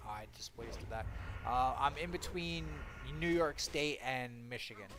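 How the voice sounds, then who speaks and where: A man from Ontario chatting casually on a game stream, answering viewers' comments in a loose, rambling way. His voice sits at an ordinary middle pitch. Faint game sounds hum behind him. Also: unhurried. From Ontario, Canada. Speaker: gaming streamer. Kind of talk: casual chat with live chat while gaming.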